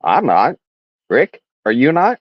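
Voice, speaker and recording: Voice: mid-range voice, very animated, slow, dry recording, muffled recording. A livestream host ranting casually in a sarcastic, mocking way.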